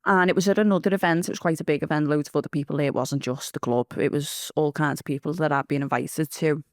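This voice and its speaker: A woman's voice: sits low, fairly even intonation, fast talker, no room sound, clean studio sound. A woman giving blunt, rambling testimony, swearing freely as she tells her story. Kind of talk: candid storytelling.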